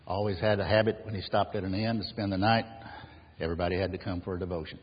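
A man preaching a sermon and telling stories, unhurried, letting his phrases drop to a hushed close. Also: deep voice, fairly even intonation, breathy edge. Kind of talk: sermon with storytelling. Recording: echoey hall, dull lo-fi sound, faint hiss.

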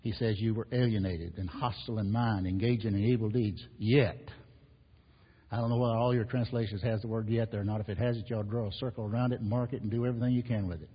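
A pastor with a fairly low, steady-toned, breathy voice preaches a sermon quickly, emphatic and repetitive, his force rising and falling. It's captured in a muffled, reverberant hall.

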